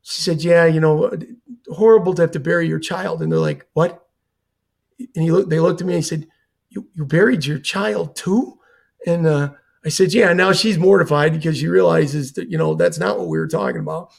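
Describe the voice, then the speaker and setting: A man's voice: fairly high pitch, big pitch swings, normal speed, creaky, a little mellow. An older man, a retired fire chief, telling a personal story in an earnest way and acting out the dialogue he quotes. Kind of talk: storytelling in a conversation.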